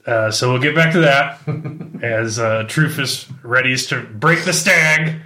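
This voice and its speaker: A man's voice: mid-range voice, slow, bright, forceful tone. A man running a tabletop game as game master, laid-back and chuckling often.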